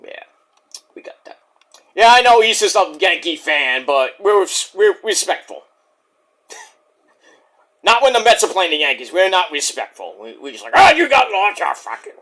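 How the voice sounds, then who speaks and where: A man hosting a casual, profane wrestling review, jokey and animated, who keeps breaking into impressions. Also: sits high, normal speed, long pauses. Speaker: wrestling reviewer, channel host.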